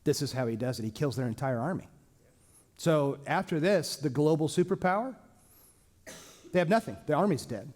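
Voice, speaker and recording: A man teaching a small church Bible class in a casual, joking way, with lively asides to his listeners. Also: on the high side, moderate pace, long pauses. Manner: lively, joking, acts out quoted speech.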